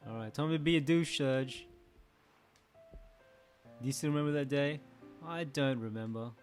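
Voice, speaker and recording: A man's voice: medium pitch, moderate pace, soft background music. A man casually commenting as he plays a video game, chatting to his viewers and joking along. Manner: chatty, talks to viewers, jokes and laughs. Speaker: gaming channel host. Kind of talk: casual let's play commentary.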